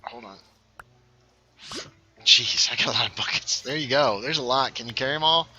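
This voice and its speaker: A man chatting casually with a friend while playing a video game, easygoing and quick to laugh. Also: mid-range voice, sharp tone, slightly rough. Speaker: streamer playing Minecraft with a friend. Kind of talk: casual gameplay chat.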